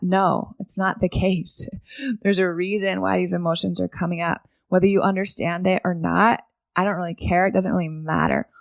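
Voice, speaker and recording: A woman's voice: lowish voice, level tone, normal speed, vocal fry, no room sound, studio quality. A woman hosting a solo podcast, talking casually and often asking "right?" to keep the listener with her. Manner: conversational, keeps asking "right?". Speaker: podcast host.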